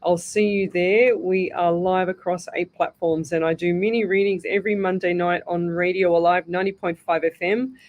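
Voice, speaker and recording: A middle-aged woman with an Australian accent runs a live call-in radio show as a psychic medium. She talks in a chatty, rambling way, reading out listeners' names and musing aloud. Her voice sits a little low for a woman. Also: steady tone, moderate pace, hardly any pauses, highs cut off. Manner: chatty, greets listeners by name, thinks aloud.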